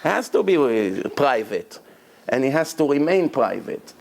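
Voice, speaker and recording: Medium in pitch and sing-song, with vocal fry, a man rabbi delivers a Torah talk to his congregation at a moderate pace over a faint hiss or hum. He presses his points through repetition, speaks with non-native grammar, and erupts into acted, shouted prayers and quotations.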